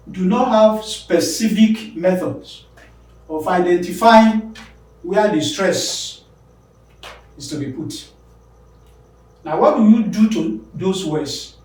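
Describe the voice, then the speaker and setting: A man teaching an English pronunciation lesson, repeating example words slowly and with emphasis. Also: high voice, a little mellow. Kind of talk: classroom lesson on word stress. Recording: very echoey room, voice from a distance.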